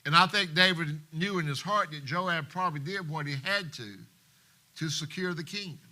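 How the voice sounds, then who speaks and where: A man preaching a sermon in a church, passionate, swinging between hushed tones and loud emphasis, and reading scripture in King James wording. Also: fairly high pitch, moderate pace. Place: church live stream.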